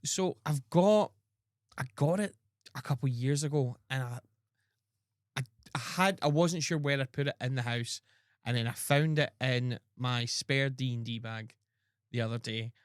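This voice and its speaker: A man's voice: mid-range voice, unhurried, clear, resonant tone, dry recording, studio quality. A man hosting a podcast, rambling with lots of ums and restarts. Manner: rambling, many fillers and restarts. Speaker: podcast host. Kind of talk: casual chat.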